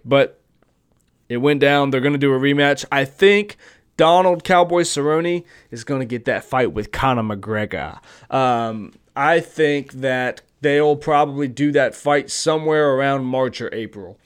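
A man's voice: mid-range voice, expressive, measured pace, clean tone. A man hosting a podcast, talking casually and profanely about sports with strong opinions. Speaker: podcast host.

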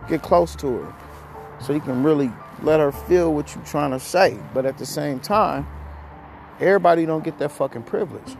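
A man's voice: fairly high pitch, moderate pace, creaky, a little mellow, soft background music. A man hosting a podcast, ranting heatedly with lots of profanity and a rambling flow, somewhat out of breath. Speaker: podcast host. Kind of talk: ranting monologue.

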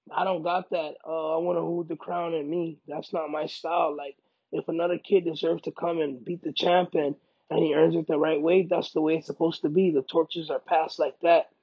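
A male fighter speaks in a casual interview, hammering his points home by repeating them. His voice is gravelly and husky, and the recording sounds dull and lo-fi. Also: on the high side, no echo. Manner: emphatic, repeats himself, bursts into loud excited quoting. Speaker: UFC fighter being interviewed.

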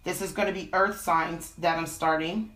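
A woman's voice: lowish voice, fairly even intonation, moderate pace, fairly bright tone. Chatty woman with a cold. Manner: chatty, frequent fillers and "okay?" check-ins. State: has a cold. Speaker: tarot reader. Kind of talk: live-stream tarot reading.

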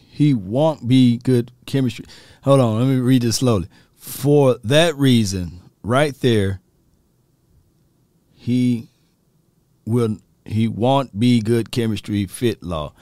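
A man's voice: medium pitch, smooth, no room sound, studio quality. A man hosting a casual sports talk show, joking, laughing often and talking straight to his viewers.

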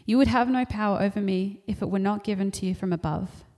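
A calm, solemn male teacher speaks steadily in a scripture reading, as a woman reads his lines. It is her own ordinary voice, mid-pitched and even. Nothing about it is theatrical. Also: quick pace, natural voice.

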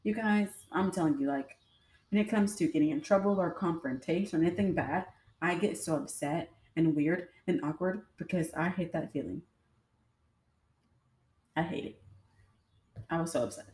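Chatty woman telling stories, lowish mellow voice. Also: moderate pace, pauses often. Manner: chatty, addresses listeners directly. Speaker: podcast host. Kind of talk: casual storytelling. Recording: roomy echo.

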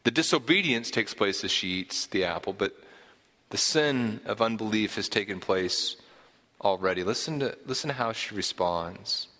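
A man's voice: on the low side, animated, moderate pace, pushed and bright, long reverb tail. A man preaching a sermon, explaining scripture earnestly and often repeating a word as he gathers his thought.

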